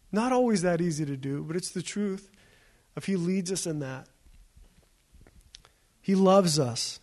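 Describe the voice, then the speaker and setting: A man with a notably high voice preaching a sermon. He talks in a relaxed, conversational way, telling stories and repeating his phrases as he goes. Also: unhurried, long pauses. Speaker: pastor.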